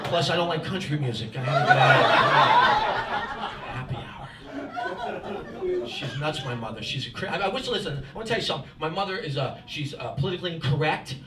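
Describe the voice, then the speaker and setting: New stand-up guy, high voice, chatty crowd-work, roomy club mic with laughter behind. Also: expressive, quick pace, hardly any pauses, distant mic, heavy background noise. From New Jersey, US. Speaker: stand-up comedian. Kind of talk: stand-up set. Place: comedy club with live audience.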